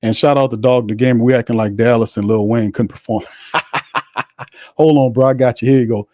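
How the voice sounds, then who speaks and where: Dark-voiced man calling a game live. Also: medium pitch, quick pace, no room sound, studio quality. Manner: chatty, shouting out viewers between plays; excitable on big hits. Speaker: watch party host. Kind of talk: casual live-stream play-by-play.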